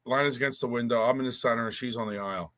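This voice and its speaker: A man's voice: medium pitch, rapid-fire, a bit bright. A man telling a long, rambling story in casual chat, with many restarts.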